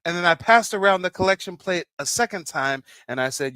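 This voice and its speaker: A man's voice: sits high, expressive, moderate pace, few pauses, bright, forceful tone, no echo. Theatrical man doing reaction commentary. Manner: theatrical, teasing, repeats "guys" and "Mike". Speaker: commentary streamer.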